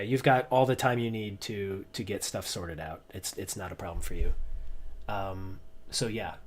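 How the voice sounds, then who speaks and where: Halting man running a tabletop game. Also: medium pitch. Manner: hesitant, many restarts and ums. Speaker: game master.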